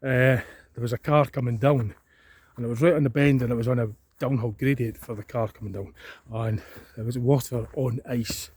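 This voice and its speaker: A Scottish man with a medium-pitched, darkish, husky voice speaks at a moderate pace and steady tone in a dry recording. Vlogging casually outdoors by a reservoir on a cold day, he rambles and thinks aloud with plenty of fillers, captured on outdoor camera audio with background noise.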